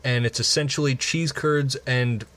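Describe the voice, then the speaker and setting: Man, podcast co-host, laid-back slangy banter, mid-pitch. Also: fairly even intonation, normal speed, fairly bright tone. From Midwestern US. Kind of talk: casual chat.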